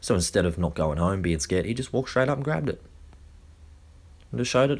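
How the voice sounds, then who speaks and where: Man, deep low voice, lecture-style monologue, slow deliberate phrasing, restarts. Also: animated. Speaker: speaker.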